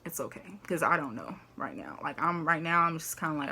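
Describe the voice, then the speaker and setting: Chatty young woman, bright voice. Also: on the low side, lively intonation, a little fast, hardly any pauses. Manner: chatty, fills with "like" and "you know", laughs often. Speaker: faith vlogger. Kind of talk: casual faith talk to camera.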